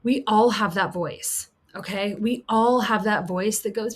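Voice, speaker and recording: A woman coach giving an earnest teaching talk. She repeats key points for emphasis, voices the harsh inner critic, and slips into a soft, soothing tone. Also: mid-range voice, unhurried, hardly any pauses. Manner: soft, soothing tone for self-kindness.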